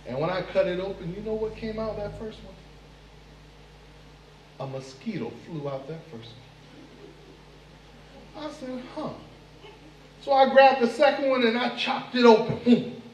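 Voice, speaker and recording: A man's voice: high voice, a little hiss or hum. A man voicing a sly male trickster spider in a told folk tale, with a drawling, exaggerated delivery. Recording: echoey room, mic far off.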